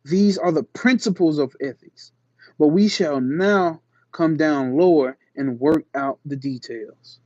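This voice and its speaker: A man's voice: a little high, a little mellow, no room sound, lo-fi sound. Slangy man reading and riffing. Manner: slangy asides between slow emphatic reading. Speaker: channel host. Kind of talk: reading aloud with casual commentary.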